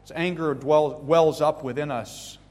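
A man delivers a sermon in a slightly raised voice. He presses his points earnestly, swelling to loud emphatic stretches before easing back to soft, pleading tones. His voice rings out with the long reverb of a large hall. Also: fairly high pitch, steady tone, a little slow. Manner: earnest, building to loud emphatic peaks then dropping soft. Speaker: pastor.

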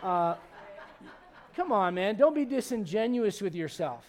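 A man with a high, light voice preaches in an animated, chatty way. He jumps between scripture and everyday asides, often restarting his sentences as he goes. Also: measured pace, some chatter behind. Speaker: pastor. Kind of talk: sermon.

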